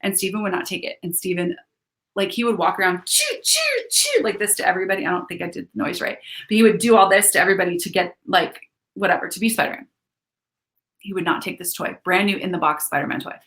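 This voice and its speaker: A woman's voice: fairly low pitch, fairly even intonation, fast, fairly bright tone. A woman hosting a casual live stream, talking frankly and swearing freely as she rambles through a personal story.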